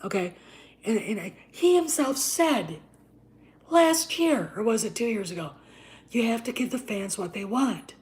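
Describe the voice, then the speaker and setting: A woman host ranting in casual commentary, profane and emphatic, often dropping into a harsh whisper before surging back loud. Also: on the high side, lively intonation, a little slow. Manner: profane, emphatic, repeats itself; drops to an unvoiced whisper and back.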